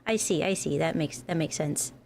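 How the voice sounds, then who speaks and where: A woman co-hosting a casual livestream, talkative and giggly. Her voice sits a little low for a woman. Faint noise hums in the background. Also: moderate pace, creaky, a little mellow. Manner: chatty, giggly. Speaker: livestream co-host. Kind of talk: casual chat.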